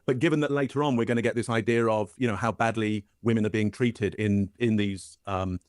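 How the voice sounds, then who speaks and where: A British man giving measured, analytical commentary on body language, hedging with frequent fillers. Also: on the low side, steady tone, dry recording, clean studio sound.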